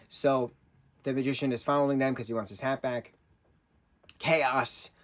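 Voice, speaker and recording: Rambling casual man reviewing a cartoon. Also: mid-range voice. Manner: rambling, hesitant, with many restarts and fillers. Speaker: vlogger reviewing a TV special.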